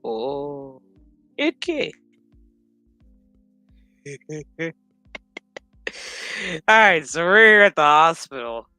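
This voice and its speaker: A man's voice: fairly high pitch, big pitch swings, drawn-out words, long pauses, bright, forceful tone, dry recording, faint music behind. A man casually recapping a TV episode, rambling and swearing while acting out what the characters say. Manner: profane, rambling retelling that acts out quotes. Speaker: show recap vlogger.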